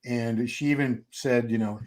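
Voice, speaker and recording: A man of middle pitch leads a casual live-stream chat, relating stories in a wry, conversational manner. His delivery is relaxed and easy to follow. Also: moderate pace. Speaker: host of a bodybuilding channel.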